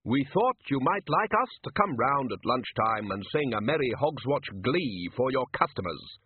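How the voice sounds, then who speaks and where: A man's voice: mid-range voice, big pitch swings, moderate pace, slightly rough, no echo. A man voicing a vague, genteel older beggar who speaks politely in an audiobook. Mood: courteous. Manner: polite and well-spoken. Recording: tinny phone-like narrow band, dry.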